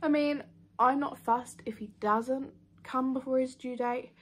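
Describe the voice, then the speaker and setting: A woman's voice: on the high side, steady tone, moderate pace, breathy edge. A woman, chatting casually in a vlog update from home and sounding out of breath. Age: 20s. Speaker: vlogger.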